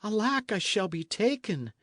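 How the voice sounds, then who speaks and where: A man voicing a timid, gentle young runaway who pleads softly and anxiously in an old-fashioned storybook tale. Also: mid-range voice, sing-song, measured pace, dry recording, clean studio sound, pitched above the performer's own voice. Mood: pleading. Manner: soft, anxious, imploring.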